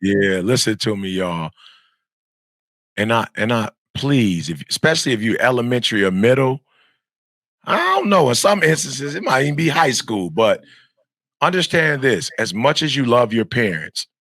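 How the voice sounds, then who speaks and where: A man's voice: medium pitch, big pitch swings, moderate pace, a bit bright, dry recording, clean studio sound. A middle-aged man giving an emphatic, repetitive motivational talk to young students, like a preacher. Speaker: motivational speaker.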